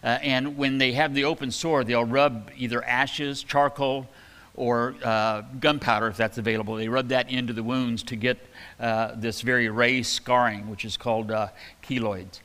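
A man's voice: medium pitch, steady tone, moderate pace, sharp tone, long reverb tail. A man giving a casual, rambling sermon, with many fillers and restarts, reading scripture aloud with emphasis. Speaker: preacher. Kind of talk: conversational sermon.

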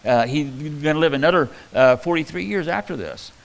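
A man preaching a conversational Bible-teaching sermon, talking in a halting way with many fillers and restarts. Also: on the high side, animated, vocal fry, rough recording. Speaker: pastor.

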